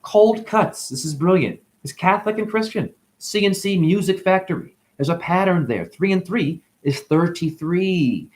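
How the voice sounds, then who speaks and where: A man giving a free-flowing spiritual monologue on his channel. He talks animatedly, calls the listener honey, and swings between loud bursts and whispers. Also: moderate pace, few pauses. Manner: animated, sudden jumps in pitch and loudness. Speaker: spiritual vlogger.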